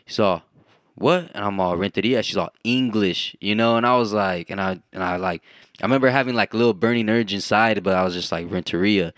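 A man's voice: lowish voice, fast, a bit bright, no echo, clean studio sound. A young man from the United States, co-hosting a podcast in loose, rambling casual chat full of fillers and swearing. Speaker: podcast co-host.

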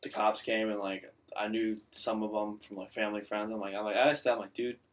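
A man's voice: on the low side, level tone, brisk, recorded from a distance. A young man in casual podcast chat, telling a rambling story full of filler words.

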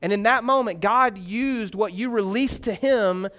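A man with a fairly high voice preaches in a church sanctuary before a congregation. He speaks as a guest pastor and keeps the sermon conversational and joking. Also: measured pace, bright, forceful tone.

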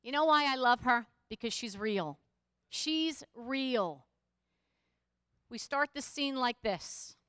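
A middle-aged woman preaching with a clear, resonant voice pitched a little high. She tells her story in a conversational way and pushes into emphatic exhortation. The sound is close and dry. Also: animated, takes it slowly, pauses often, fairly bright tone, no room sound. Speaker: pastor. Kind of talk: sermon.

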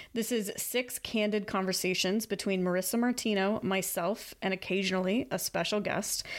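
A woman hosting a podcast solo, earnestly explaining dog training ideas and telling stories. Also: mid-range voice. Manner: earnest, storytelling, reads listener questions aloud.

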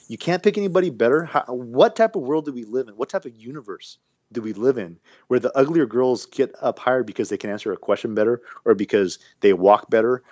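Fast-talking rambling man. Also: lowish voice, no echo, studio quality. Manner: rambling, animated, restarts often. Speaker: podcast co-host. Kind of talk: casual podcast banter.

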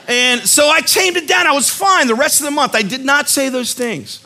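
High bright-voiced male youth preacher. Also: normal speed. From West Virginia. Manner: animated storytelling, jokey asides. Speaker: youth speaker. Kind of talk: casual sermon talk.

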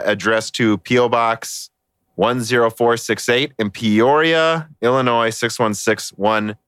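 A man's voice: medium pitch, fairly bright tone, smooth, dry recording, studio quality. A man hosting a casual hardware podcast, chatty and joking, often laughing between words. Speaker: podcast host.

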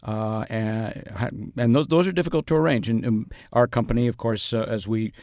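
A man playing an earnest, deadpan Cold War reenactor who talks haltingly with many pauses in a mock interview. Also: medium pitch, dry recording, studio quality, close to an everyday voice. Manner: halting, full of uhs, deadpan. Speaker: interview guest.

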